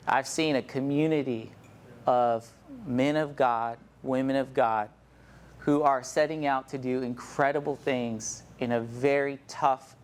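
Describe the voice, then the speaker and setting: Earnest man telling his story. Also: mid-range voice. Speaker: church planter. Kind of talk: personal testimony talk.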